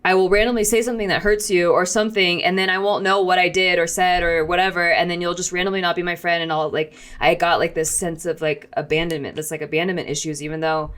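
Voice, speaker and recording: A woman's voice: on the low side, flat delivery, fast, hardly any pauses, fairly bright tone. A young woman, a podcast co-host, talking casually and rambling with many "like"s, teary and emotional. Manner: rambling, heavy use of "like", laughs through tears. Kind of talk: casual chat.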